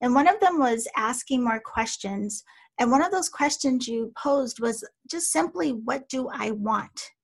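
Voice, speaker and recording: A woman with a fairly high voice hosts a casual interview, affirming her guest and asking loose, filler-heavy questions. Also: animated, normal speed, slightly rough. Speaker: podcast host.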